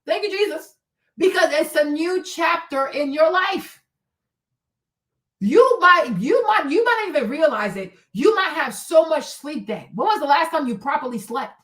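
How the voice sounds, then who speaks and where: A woman's voice: high-pitched, lively intonation, moderate pace, fairly bright tone. A woman hosting a stream, ranting bluntly and profanely, mocking whiners and urging faith. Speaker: host. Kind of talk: uncensored motivational rant. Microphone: streaming mic.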